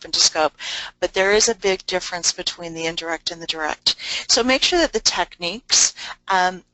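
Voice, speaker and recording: A woman giving a webinar lecture on medical coding, explaining things briskly with asides and fillers. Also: lowish voice, bright, forceful tone, no echo, low-quality recording.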